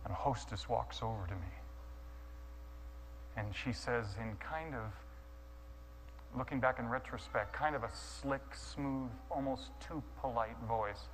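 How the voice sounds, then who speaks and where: A man's voice: medium pitch, a little slow, pauses often, big-room sound, a little hiss or hum, poor audio. Man acting out a sermon story, stammering. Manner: stammering restarts, acting out inner thoughts. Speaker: guest speaker.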